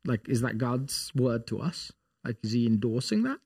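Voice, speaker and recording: A man's voice: medium pitch, sing-song, normal speed, creaky, darkish tone, breathy edge. A man co-hosting a casual faith discussion, telling stories with lots of restarts and fillers. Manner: storytelling, many restarts and fillers.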